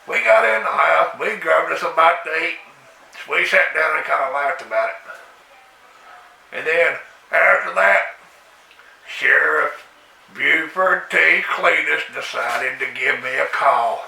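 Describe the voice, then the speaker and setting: Man, high gravelly voice, very bright, folksy rambling comic tale, echoey room, mic set far off. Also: takes it slowly, pauses often. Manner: folksy drawl with loud high-pitched exclamations. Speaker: comic storyteller.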